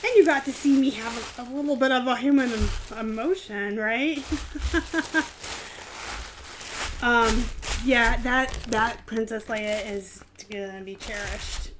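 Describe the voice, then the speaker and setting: A young woman hosts a casual live stream, opening a present with gushing delight and frequent giggles. Her voice sits a little high, and she talks at an easy, unhurried pace. A faint hiss runs under the recording. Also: a bit bright. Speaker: host of a reselling channel, live show.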